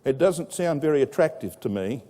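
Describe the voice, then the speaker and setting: Animated preacher man in a reverberant hall. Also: on the high side, normal speed. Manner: animated, dramatic storytelling with sudden rises. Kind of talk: sermon. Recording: echoey hall with long reverb.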